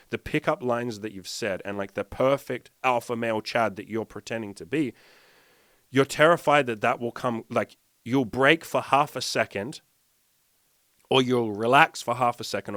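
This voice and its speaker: A man's voice: mid-range voice, fairly bright tone, no echo, clean studio sound. A man speaking as a dating coach in a casual monologue, blunt and profane, acting out quoted lines of dialogue.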